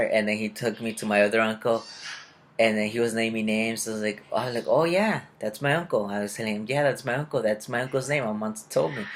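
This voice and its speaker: A man's voice: fairly low pitch, a bit bright. A young man casually telling a rambling personal story and acting out the people he met. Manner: rambling, confused, retells conversations in quotes. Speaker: vlogger.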